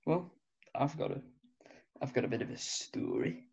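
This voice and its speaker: A man's voice: mid-range voice, wildly swooping pitch, moderate pace, gravelly, a little mellow, slightly rough. A young man with a British accent telling a story in casual chat, laid-back and hesitant, with lots of fillers. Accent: British English. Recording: dull lo-fi sound.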